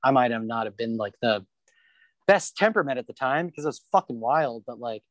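A man's voice: medium pitch, animated, fairly quick, no echo. A man talking as a podcast guest, blunt and heavy on swearing and fillers, recorded on a porch. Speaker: interview guest, rollerblader. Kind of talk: casual podcast interview. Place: porch in Kansas City.

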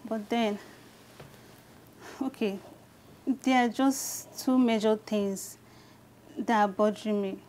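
An actress playing a shy young wife who speaks hesitantly and reluctantly, stammering at times. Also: female voice, medium pitch, steady tone, takes it slowly, long pauses, darkish tone, a little hiss or hum, natural voice. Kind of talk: scripted drama acting.

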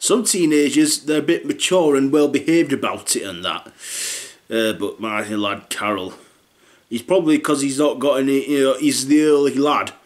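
A man's voice: mid-range voice, moderate pace. A middle-aged man with a Northern English accent delivering a rambling comedic character monologue, blunt and casually sweary.

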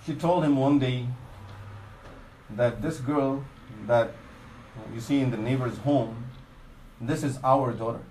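In a roomy-sounding, low-quality recording with a little hiss or hum, an Islamic preacher speaks at medium pitch. He blends Arabic religious phrases into his English sermon, recounting a story earnestly and letting his voice fall at its saddest points.

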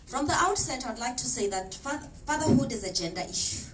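A woman's voice: fairly high pitch, animated, a little fast. Formal woman panelist, distant mic. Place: exhibition hall. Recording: distant mic, faint noise.

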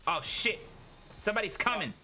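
A man's voice: high-pitched, animated, moderate pace, pushed and bright, faint music behind. A young man streaming a game live, chatting casually and profanely with his viewers and a teammate. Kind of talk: live gaming stream chat.

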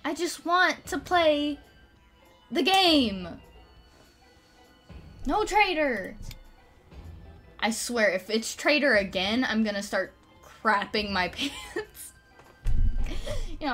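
Excitable female game streamer: high voice, relaxed pace, mutters then shrieks at the game. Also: takes it slowly, pauses often, faint music behind. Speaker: livestreamer. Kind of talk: gameplay commentary.

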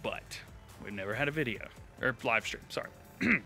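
A bright, lively man with a twang talking through a live game stream, his pitch jumping around as he laughs and reads out chat. Soft game music plays underneath. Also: moderate pace, creaky. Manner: excitable, laughs often, thanks chat warmly. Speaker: live-streaming gamer host. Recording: light game music behind.

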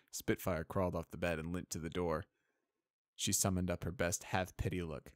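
A man reading a fan fiction story aloud in an even, measured storytelling manner. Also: deep voice, no echo, clean studio sound. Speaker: audiobook reader.

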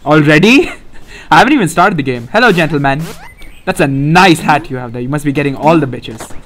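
Excitable young man narrating gameplay. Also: on the high side, brisk. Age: young adult. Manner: excitable, profane, often laughing. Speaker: gaming channel host. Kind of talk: let's play commentary.

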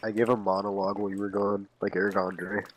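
A man's voice: on the low side, little pitch movement, fast talker, slight background noise, poor audio. A man chatting casually while playing a video game, with offhand jokes. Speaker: gaming commentator. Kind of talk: casual gaming chat.

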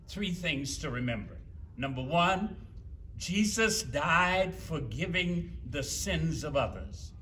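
A male preacher speaks slowly and solemnly, lingering on each phrase. His voice is fairly high for a man. He sounds distant from the mic, with faint noise behind him. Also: lively intonation, bright, forceful tone. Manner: slow, measured, solemn preaching. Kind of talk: sermon.

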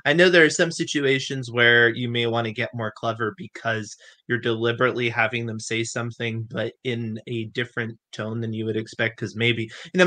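A man's voice: medium pitch, pushed and bright, no echo. A man co-hosting a casual talk on editing fiction, thinking aloud and working through examples conversationally. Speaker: co-host of a writing advice show.

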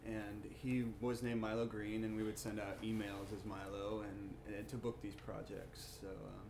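A man answering interview questions as a band member, relaxed and hesitant, with many fillers. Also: lowish voice, normal speed, creaky, reverberant, background noise.

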